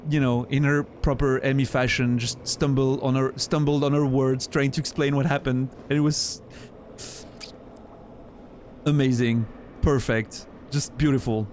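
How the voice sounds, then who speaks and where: A man's voice: medium pitch, fairly even intonation, moderate pace, a little mellow, slight background noise. A man streaming a game, chatting casually in a rambling way with many restarts while he plays. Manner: rambling, chatty storyteller with frequent laughs and restarts.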